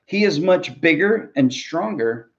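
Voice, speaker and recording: A man's voice: on the high side, expressive, unhurried, muffled recording. A man, a ministry pastor, preaching a sermon in an earnest, conversational way, often repeating words as he goes.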